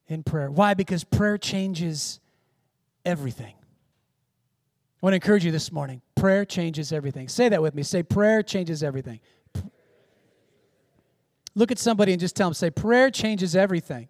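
A male pastor delivers a sermon in a notably high voice. He moves between hushed, intimate passages and loud, emphatic exclamations. The recording is dry and close, with little room sound. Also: lively intonation, moderate pace, no echo. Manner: dynamic preaching, swinging from hushed to loud exclamations. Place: church in Seattle.

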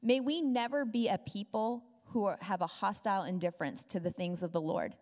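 A woman's voice: mid-range voice, fairly quick, a little mellow. A woman preaching a sermon, laying out points and teaching through scripture. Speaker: pastor. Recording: reverberant church hall.

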